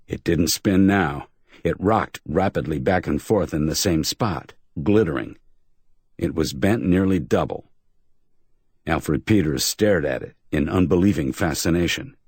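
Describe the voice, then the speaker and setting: A man narrating a hardboiled crime audiobook in a measured storytelling manner. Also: low-pitched, darkish tone, husky, dry recording, studio quality. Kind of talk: scripted narration.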